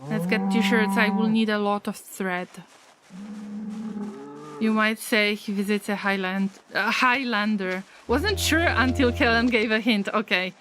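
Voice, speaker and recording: A woman's voice: medium pitch, unhurried, noisy background. A woman streaming a survival game in casual chat, reacting aloud, laughing often and mooing at the cows. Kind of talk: casual live-stream commentary.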